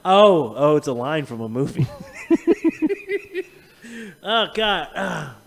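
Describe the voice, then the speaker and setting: A man co-hosting a podcast tells rambling, profane stories in casual chat, animated and laughing along. His voice is a little high, slow, and creaky.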